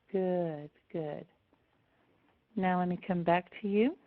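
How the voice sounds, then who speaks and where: A woman presenting an online seminar, tender and close to tears as she speaks warmly to her attendees. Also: fairly low pitch, lively intonation, extremely slow, soft background music. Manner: warm, affectionate address to attendees. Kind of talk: live online seminar talk. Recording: tinny phone-like audio.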